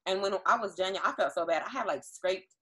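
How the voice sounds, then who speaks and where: A young woman co-hosting a casual podcast, telling a story with lively acted-out quotes. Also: medium pitch, fairly quick. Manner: animated storyteller who acts out quoted voices. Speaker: podcast co-host.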